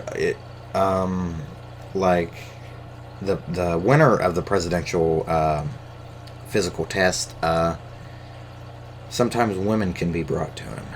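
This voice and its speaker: A man talking off the cuff in a fairly low voice, stumbling through plenty of ums and uhs and cursing freely. He is recorded on a camera mic, with a faint hiss of noise underneath. It sounds like an unscripted solo podcast. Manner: hesitant, lots of fillers, profane. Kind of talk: casual rambling monologue.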